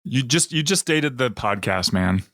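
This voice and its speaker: A man co-hosting a podcast, chiming in with quick teasing remarks during casual banter. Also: medium pitch, lively intonation, a bit bright, no room sound, studio quality. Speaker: podcast co-host.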